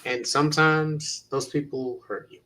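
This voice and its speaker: A man's voice: fairly high pitch, steady tone, unhurried, pushed and bright, rough recording. A man who is a teacher, earnestly encouraging young people in a panel talk and retelling conversations with students.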